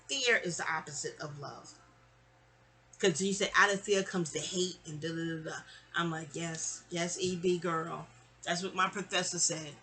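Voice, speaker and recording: A middle-aged woman from New York telling a long personal story in a chatty, animated way, slipping into other people's voices. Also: fairly low pitch. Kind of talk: casual storytime monologue.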